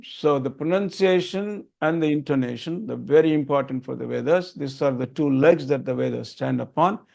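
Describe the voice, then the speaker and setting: Here an older man from Tamil Nadu, India, walks a group through a chanting lesson, repeating what matters most in earnest. He speaks at a moderate pace in a medium pitch, a little mellow, with vocal fry.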